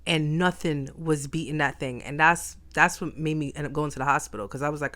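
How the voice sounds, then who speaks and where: A woman's voice: deep voice, fairly even intonation, fairly quick, a bit bright. A woman talking in a reflective personal vlog, emphatic and repeating phrases for stress. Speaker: vlogger.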